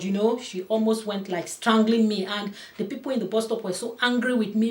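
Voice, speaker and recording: A woman pastor delivering a sermon, earnest and emphatic, her voice rising to loud peaks. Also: fairly high pitch, moderate pace, few pauses. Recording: echoey room.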